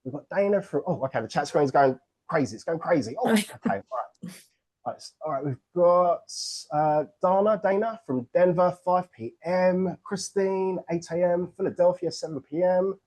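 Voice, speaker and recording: A man's voice: sits high, normal speed, hardly any pauses, darkish tone. A man from England with an English accent, hosting an online book launch on a video call in an upbeat, joking, playful way.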